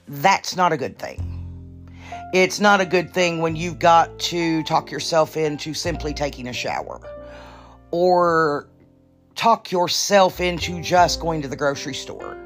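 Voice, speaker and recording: A woman hosting her own podcast in casual chat, blunt and profane, a little nervous and halting. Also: fairly low pitch. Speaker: podcast host.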